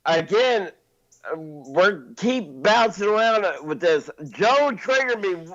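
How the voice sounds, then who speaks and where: A man in his forties with a high, sharp voice sounds defensive and exasperated, swearing often. He comes through a dull, lo-fi call line. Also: animated, slow pace. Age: 40s. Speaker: guest caller. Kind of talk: heated argument on a live stream.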